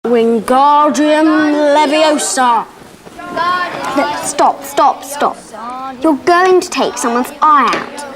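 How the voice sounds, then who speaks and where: A prim, sassy schoolgirl witch corrects others slowly and pointedly in a high voice. Each word is drawn out. The film clip carries crowd noise and sounds a little off-mic. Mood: bossy.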